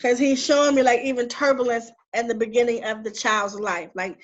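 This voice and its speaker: Woman medium for a reading; bright, lively delivery, dull lo-fi recording. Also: a little high, fairly quick. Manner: animated, exclamatory, laughs often, relays messages. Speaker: spiritual medium and coach. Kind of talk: live spiritual reading session. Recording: dull lo-fi sound with faint noise.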